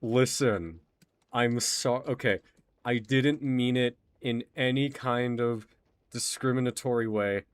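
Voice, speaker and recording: A man's voice: mid-range voice, slow pace, clear, resonant tone, no echo. A young man from Texas streaming a game, chatting casually in a rambling, self-deprecating way. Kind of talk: casual gaming stream chat.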